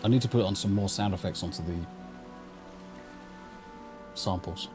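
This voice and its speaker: Music plays in the background as a middle-aged Englishman with a low-pitched voice talks at a moderate pace. He has an English accent and is live-streaming a game through a studio mic and mixing console, rambling casually with swearing and self-deprecating humor.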